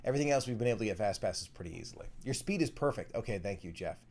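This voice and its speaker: A man's voice: lowish voice, expressive, very fast, darkish tone. A young man hosting a casual live stream, reading viewer comments aloud and answering them in a chatty way.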